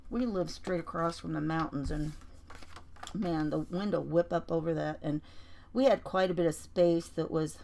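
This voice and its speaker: A woman's voice: low voice, steady tone, moderate pace, vocal fry, a little mellow, a little hiss or hum. A woman chatting on a craft livestream as she works, telling stories and greeting viewers by name. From Colorado. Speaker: junk journal crafter on a livestream. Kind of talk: casual craft livestream chat.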